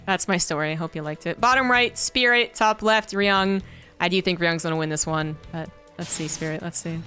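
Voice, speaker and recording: A woman esports caster telling a casual, profane story with animated, incredulous outbursts. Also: on the low side, moderate pace, faint music behind. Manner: animated, rising to incredulous outbursts when quoting herself; chatty, profane, laughs through the tale. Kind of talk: casual storytelling while casting.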